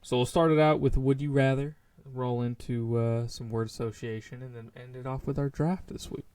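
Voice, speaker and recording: A man's voice: medium pitch, steady tone, normal speed, dark tone, clear, resonant tone, no echo, clean studio sound. A young man co-hosting a casual podcast, laid-back and chatty, trailing off with fillers and laughing often. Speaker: podcast co-host. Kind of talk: casual chat.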